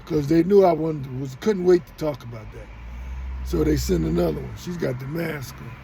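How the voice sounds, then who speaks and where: A man's voice: a little high, normal speed, vocal fry, warm tone, slight background noise, rough recording. A middle-aged man telling a rambling story straight to his viewers, often repeating and restarting himself. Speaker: vlogger. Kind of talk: casual storytelling monologue.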